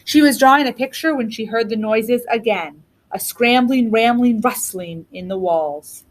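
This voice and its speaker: A woman's voice: fairly high pitch, moderate pace. Woman reading a children's story aloud. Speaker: reader.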